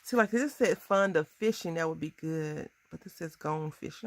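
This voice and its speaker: Low gravelly-voiced chatty woman crafter. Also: big pitch swings, fairly quick, few pauses. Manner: chatty, bubbly, often laughing at herself. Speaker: crafting vlogger. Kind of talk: casual crafting tutorial chat.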